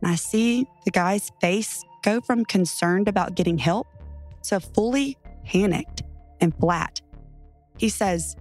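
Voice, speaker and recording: Woman narrator, earnest and tense, middle pitch. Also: slow pace, darkish tone, faint music behind. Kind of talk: narrated true first-person story.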